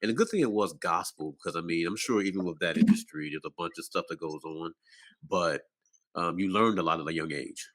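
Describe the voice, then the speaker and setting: A man co-hosting a podcast, lively and playful, jumping in to steer the chat. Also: sits low, fairly quick, dry recording. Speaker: podcast co-host.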